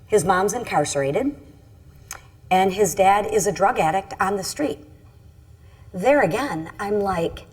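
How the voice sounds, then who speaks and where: A middle-aged woman from Michigan speaks on a discussion panel as a congresswoman. Her voice sits a little low, and she tells her story earnestly and candidly, often faulting herself. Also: normal speed, darkish tone.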